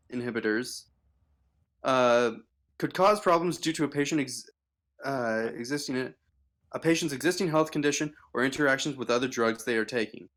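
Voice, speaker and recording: A man's voice: medium pitch, fairly bright tone. A man reading an article aloud on a casual livestream, stumbling with fillers and restarts.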